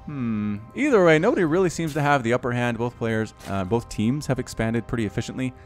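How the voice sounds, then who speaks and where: A man in his thirties casts a video game match in a loose, chatty way, his voice jumping up in pitch and volume whenever a fight breaks out. Soft music plays quietly behind him. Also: a little fast. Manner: excitable, rises sharply in pitch and volume at big plays. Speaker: game caster. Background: faint background music.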